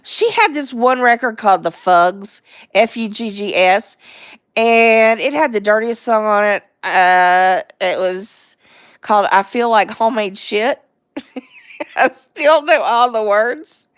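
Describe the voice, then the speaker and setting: A woman's voice: on the high side, slow, clean tone, dry recording, studio quality. A middle-aged woman hosting a casual livestream chat, rambling along, chatting to viewers and laughing often. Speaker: livestream host.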